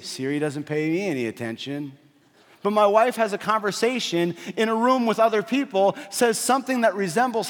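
Animated pastor preaching in a reverberant hall. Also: male voice, fairly quick. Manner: animated, swings from loud emphatic peaks to hushed low passages; jokey asides and storytelling. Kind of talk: sermon. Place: church sanctuary. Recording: long reverb of a large hall.

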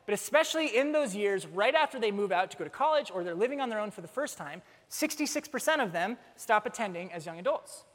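A young man preaching a sermon as a pastor, telling stories with animated, self-mocking humor. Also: sits high, quick pace, few pauses. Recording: long reverb of a large hall.

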